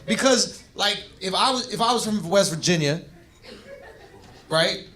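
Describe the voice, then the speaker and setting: A man's voice: high voice, lively intonation, unhurried. A man doing brash, teasing crowd work on a comedy stage, riffing with the audience on a handheld mic and laughing at his own lines. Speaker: stand-up comedian. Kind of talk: live stand-up crowd work. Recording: live show with loud crowd noise.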